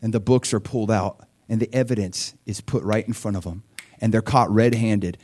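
A man in his forties preaching a sermon as a pastor, in an animated, conversational style that swings between quiet asides and loud bursts. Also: lowish voice, a little fast. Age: 40s.

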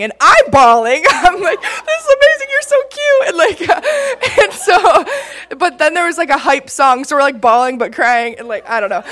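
A young woman from Michigan telling a personal testimony story, laughing often and getting excited as she talks. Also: on the high side. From Michigan, USA. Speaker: campus ministry team member.

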